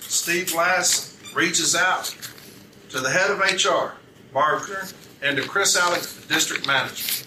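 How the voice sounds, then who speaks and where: Guy questioning a witness at a hearing, reads out letters line by line, sounds far off from the mic. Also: a little high. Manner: methodical, reads documents aloud, corrects page numbers. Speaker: union advocate questioning a witness. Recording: echoey room, distant mic, background noise.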